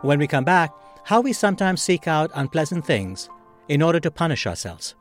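Expressive male podcast host. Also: on the high side, fairly quick, soft background music. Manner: thoughtful, conversational questioning. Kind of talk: interview.

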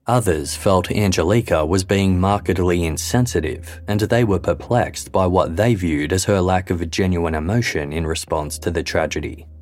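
A man giving scripted true-crime narration in a measured, even documentary delivery. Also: low voice. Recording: faint music bed underneath.

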